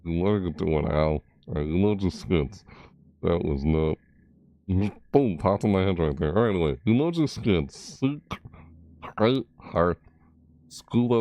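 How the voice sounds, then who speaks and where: A man hosting a casual gaming video, rambling goofily, talking to himself and reading event text aloud haltingly. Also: deep voice, expressive, dry recording, muffled recording. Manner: rambling and goofy, talks to himself and reads haltingly. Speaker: gaming channel host.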